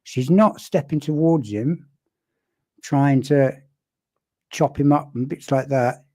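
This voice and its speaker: A man casually commenting on a video clip, talking in a wry, conversational way with pauses and restarts. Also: medium pitch, darkish tone, no room sound.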